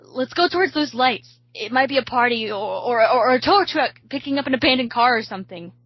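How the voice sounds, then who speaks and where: A woman's voice: a little high, expressive, brisk, husky, no echo, voice pushed up. A woman voicing a badly hurt young man who pleads urgently and stammers, recorded slightly dull.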